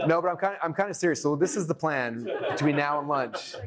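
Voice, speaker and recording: A man teaching a live workshop to an audience, energetic and excitable, acting out his own thoughts as he goes. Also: a little high, fast, over a noisy crowd.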